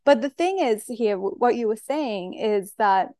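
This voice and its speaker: A woman hosting a podcast interview who tells personal stories in an animated, candid way with frank language. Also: a little high, measured pace, no room sound, clean studio sound. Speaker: podcast host.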